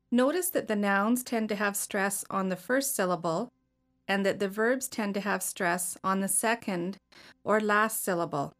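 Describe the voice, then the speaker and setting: A woman leads a pronunciation drill at a very unhurried pace. She shapes each word with deliberate, careful enunciation and holds her pitch in a middle range, typical of a scripted teaching recording.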